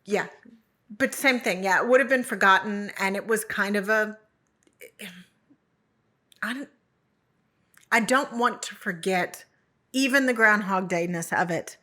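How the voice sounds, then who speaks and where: A woman's voice: mid-range voice, a little slow, pauses often, bright, forceful tone. A middle-aged woman co-hosting a casual podcast chat in a chatty, easygoing way. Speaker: podcast co-host.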